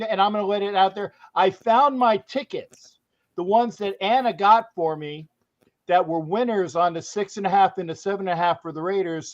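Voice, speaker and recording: A man hosting a sports podcast, talking in a joking, boisterous way and breaking into song. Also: sits high. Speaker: podcast host. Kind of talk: casual sports talk. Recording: dull lo-fi audio.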